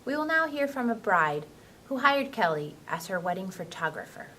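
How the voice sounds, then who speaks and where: A woman's voice: medium pitch, moderate pace, a little hiss or hum. A woman playing a mock-serious TV news anchor in a home-video news skit. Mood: newsy. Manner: lively, mock-serious newsreader delivery. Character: chirpy female TV news anchor.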